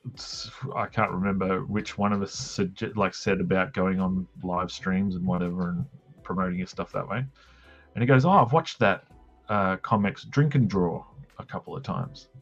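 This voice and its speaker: Male streamer, lowish voice, dull lo-fi sound with faint music, casual self-deprecating storyteller. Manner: self-mocking, jokey anecdotes with quick voiced quotes. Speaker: host of a drawing live stream.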